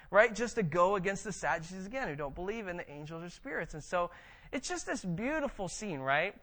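A man preaching a conversational sermon, reading scripture and explaining it with animated tag questions. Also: high voice, a little fast. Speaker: pastor.

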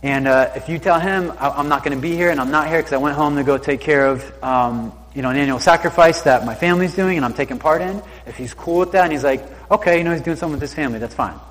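A man with a fairly bright, higher voice talks quickly with few pauses, teaching from the Bible. He reads each verse aloud, then retells it in loose, slangy everyday language, and the recording has a reverberant hall sound.

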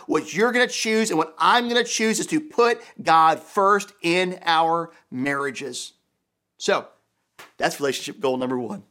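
A man's voice: high-pitched, a bit bright. A man preaching a sermon as pastor, emphatic and repeating key phrases for weight.

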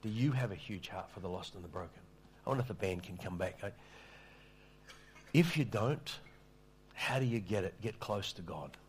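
Pastor, low conversational voice. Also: male voice, expressive, moderate pace, a little hiss or hum. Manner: conversational, self-deprecating, stammers on restarts. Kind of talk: sermon with storytelling.

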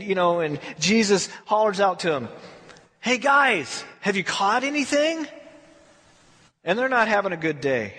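A man's voice: high voice, a bit bright, big-room sound. A man preaching a conversational sermon, telling the story and acting out what people say. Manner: conversational storytelling, acts out quotes. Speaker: pastor.

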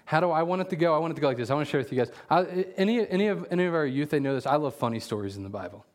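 A man preaching a casual sermon as a pastor, telling jokey stories with loud animated bursts and reading scripture slowly aloud. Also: on the high side.

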